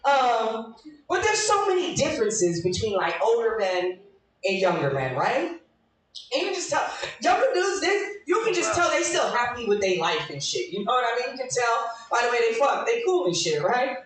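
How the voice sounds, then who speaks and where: A woman's voice: fairly high pitch, very animated, normal speed. Brash profane woman comic, echoey room. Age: 40s. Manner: brash, profane, laughing at her own jokes. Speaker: stand-up comedian. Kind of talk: live stand-up with crowd work. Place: small live comedy room. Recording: echoey room from far off, faint noise.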